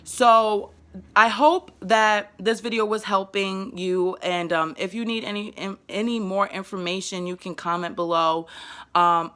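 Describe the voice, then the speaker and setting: A young woman with a New York accent talks straight to the camera in a vlog. Her voice is bright and forceful. She talks fast and with emphasis, tripping over and repeating words as she gives parenting advice. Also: on the low side. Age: 20s. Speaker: parenting vlogger.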